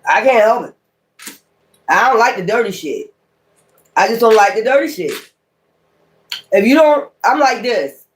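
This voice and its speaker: A woman's voice: on the high side, animated, unhurried, long pauses. A woman tarot reader talking straight to her viewers in a blunt, heated rant full of cursing. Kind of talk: casual profane rant to viewers.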